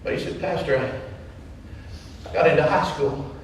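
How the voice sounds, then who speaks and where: A man's voice: fairly high pitch, normal speed, slight background noise. A man from Wyoming preaching a sermon as a pastor, telling a story with passion and acting out other people's words. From Wyoming, United States. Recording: echoey hall from far off.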